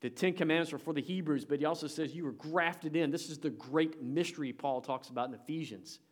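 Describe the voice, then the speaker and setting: A man's voice: on the high side, a little fast. A man preaching a sermon as pastor, speaking conversationally and directly to the congregation, with emphatic swells and drops in volume. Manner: emphatic, rising and falling in volume.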